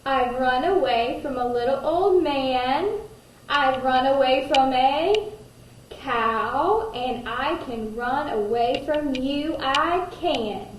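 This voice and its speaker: A woman's voice: sits high, expressive, moderate pace, hardly any pauses. A woman doing a boastful little gingerbread boy. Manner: taunting, sing-song boasting. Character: cheeky runaway gingerbread boy, small, boastful. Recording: roomy echo, distant mic, faint noise.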